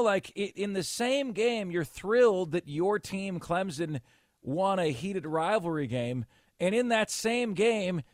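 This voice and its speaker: A man's voice: high voice, no room sound, studio quality. A man hosting sports talk radio, emphatic, blunt and sarcastic.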